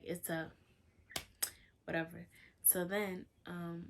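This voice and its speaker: A woman's voice: lowish voice, little pitch movement, slow, background noise. Chatty young woman telling a story. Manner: chatty, lots of "like", quotes others in dialogue. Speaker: vlogger. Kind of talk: casual storytelling.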